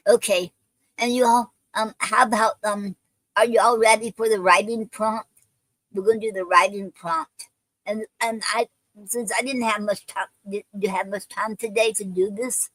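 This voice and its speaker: Slow, halting woman on a live stream. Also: mid-range voice, a bit bright, no room sound, rough recording. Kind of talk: casual live-stream chat, leading a poetry writing session.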